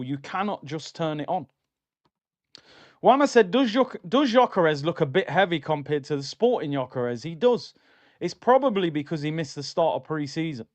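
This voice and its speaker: A man's voice: fairly high pitch, darkish tone, dry recording. A man hosting a live football watchalong stream, chatty and opinionated, reading out viewer comments and giving his takes. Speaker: livestream host.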